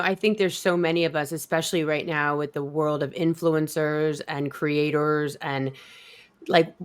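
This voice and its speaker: A woman's voice: low-pitched, clear, resonant tone. Chatty woman podcast host on a call. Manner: chatty, rambling, laughs easily. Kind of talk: casual podcast chat. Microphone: phone on video call.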